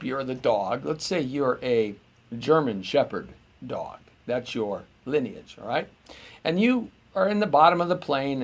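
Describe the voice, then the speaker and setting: A middle-aged man hosting a live show, rambling and joking as he muses aloud to viewers. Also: medium pitch. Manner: rambling and jokey, musing aloud.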